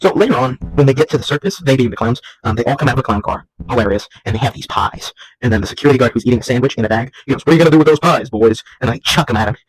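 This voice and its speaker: A man's voice: medium pitch, very fast, few pauses, husky, no room sound, poor audio. Young male vlog host, home setting, loose and rambling, comedic. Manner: goofy, rambling, jumps into silly voices. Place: at home while folding laundry.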